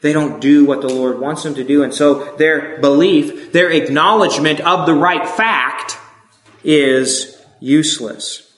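A man's voice: a little high, measured pace, a bit bright. A man preaching a sermon, emphatic and asking his listeners rhetorical questions. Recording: echoey room.

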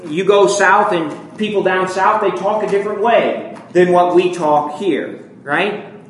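Conversational preacher with a northern American accent. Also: male voice, high-pitched, slow pace, reverberant, slight background noise, low-quality recording. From northern United States. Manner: conversational, asks "right?" often, animated emphasis. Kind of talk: sermon.

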